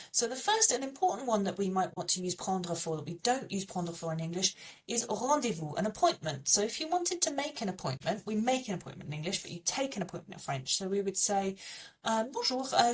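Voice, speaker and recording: A woman teaching French, her pitch sitting in an ordinary middle range. She explains patiently and says French words slowly and repeatedly so learners can copy them. Her voice sounds a little distant from the microphone. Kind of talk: language lesson.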